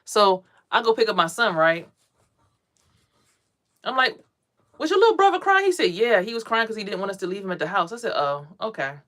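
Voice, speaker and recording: A woman who is a parent and spiritual vlogger holds forth to camera on meditation and energy in a casual monologue that is rambling, profane and streetwise. Her mid-range voice is brisk and a bit bright, with frequent pauses.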